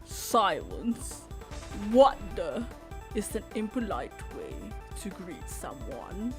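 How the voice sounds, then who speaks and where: A woman reading a stern, formal male prosecutor in a game, quiet, grave and deliberate. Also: medium pitch, wildly swooping pitch, over music, voice pushed down. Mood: reproving.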